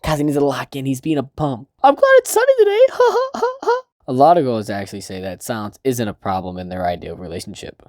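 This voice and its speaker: A man casually recapping a manga chapter, swearing freely and laughing as he reads out lines in quick put-on voices. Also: fairly low pitch, darkish tone, dry recording, clean studio sound. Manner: loose, profane, laughing, puts on character voices. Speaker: manga reviewer.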